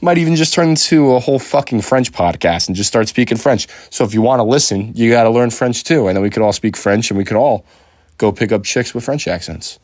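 A man's voice: mid-range voice, fairly quick, a little mellow, dry recording, studio quality. A young man hosting a podcast in loose, rambling casual chat, swearing freely and filling his talk with "uh" and "you know" and restarts. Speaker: podcast host.

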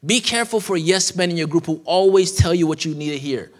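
A man's voice: fairly high pitch, fast talker. A man in his thirties preaching a sermon in a casual, conversational way, with slang and asides. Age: 30s. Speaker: guest preacher. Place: church sanctuary. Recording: church hall reverb.

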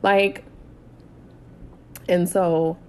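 Thirty-something woman, lowish voice, blunt casual storytime, cusses a lot. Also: very slow, slight background noise. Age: 30s. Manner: animated, blunt, swears freely. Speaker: storytime vlogger.

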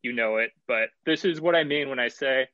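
A man in his twenties co-hosting a podcast, giving his opinions on music in a relaxed, long-winded casual way. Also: mid-range voice, brisk, dry recording, lo-fi sound. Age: 20s. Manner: relaxed, opinionated, talks in long run-on thoughts. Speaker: podcast co-host. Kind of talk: casual music-review chat.

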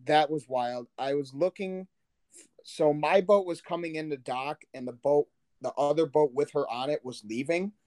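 A man's voice: a little high, moderate pace, darkish tone, no room sound. A man co-hosting a podcast, rambling loosely about his week with casual swearing and self-corrections. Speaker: podcast co-host. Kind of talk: casual chat.

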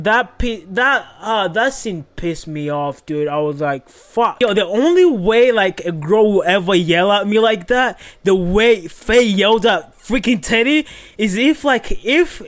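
A young man hosting a podcast, recapping a reality show in an animated, profane way full of fillers. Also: sits high. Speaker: podcast host.

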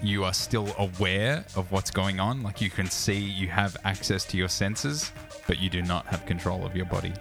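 Young man GM, deep voice, casual, fillers, music behind. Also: fairly even intonation, normal speed, vocal fry, few pauses. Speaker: game master. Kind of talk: narrating a tabletop game.

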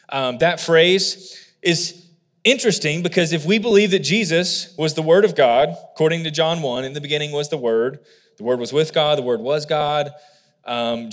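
A man preaching a sermon, explaining scripture earnestly and emphatically, with frequent asides to the congregation. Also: on the high side. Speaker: pastor. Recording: long hall reverb.

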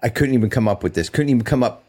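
A man's voice: medium pitch, racing, darkish tone, husky. A man in his fifties co-hosting a recovery podcast, speaking in an earnest, reflective way and laughing easily. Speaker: podcast co-host. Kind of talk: casual recovery podcast chat.

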